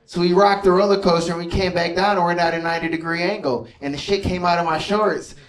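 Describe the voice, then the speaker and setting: A high-pitched man in his thirties speaks quickly and in a steady tone during a conversational stand-up set. Onstage at a comedy club, he keeps asking the audience "you know what I mean" as they laugh, all captured in roomy, far-off live club audio.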